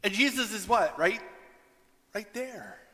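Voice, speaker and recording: A male pastor delivers an impassioned sermon in a high, piercingly bright voice. He swings from loud, lifted passages down to hushed near-whispers. His voice rings out with a long reverb, as in a church sanctuary. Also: lively intonation, slow pace.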